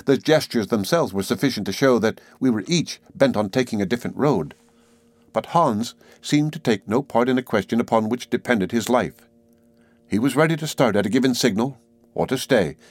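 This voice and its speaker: A man reading a classic novel aloud as audiobook narration, in a measured, even delivery. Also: fairly low pitch, no room sound. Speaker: audiobook reader. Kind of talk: scripted narration.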